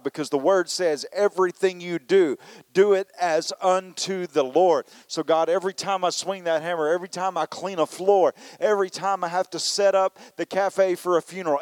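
A man's voice: sits high, steady tone, moderate pace, darkish tone, no echo. A man preaching a conversational sermon, often saying "you know" and acting out people's complaints in prayer. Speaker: pastor.

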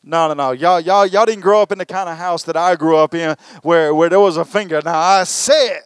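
A man preaching a sermon as pastor, animated and calling on the congregation to respond. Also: on the high side, fairly quick, few pauses, clean tone, dry recording, clean studio sound. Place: church service.

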